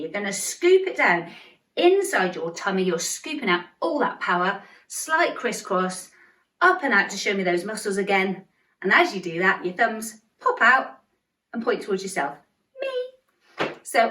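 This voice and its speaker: Upbeat woman dance teacher, higher voice, cheering on a class and chanting lyrics in time; roomy, mic a little way off. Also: animated, a bit bright, recorded from a distance. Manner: upbeat and encouraging, chants lyrics slowly to demonstrate. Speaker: dance instructor. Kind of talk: instructional dance tutorial.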